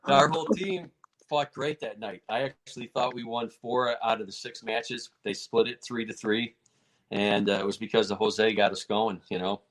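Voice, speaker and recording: A man with a fairly low voice tells a story in a relaxed interview. He talks casually and animatedly, and his pitch jumps when he acts out what people said. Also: normal speed. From United States. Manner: animated, acts out quotes in a raised voice. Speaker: martial arts federation president, guest.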